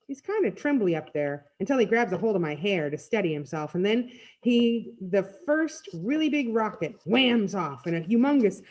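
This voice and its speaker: A woman reading a storybook aloud in first person, with expressive storytelling. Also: mid-range voice, moderate pace, dull audio. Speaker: reader. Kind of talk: read-aloud storybook narration.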